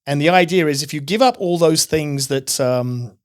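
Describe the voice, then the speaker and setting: A man sits in on a podcast and tells his own story with earnest, animated energy, restarting his sentences as he goes. His voice sits a little higher than most men's. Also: moderate pace. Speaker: podcast guest. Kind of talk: personal testimony storytelling. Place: podcast studio.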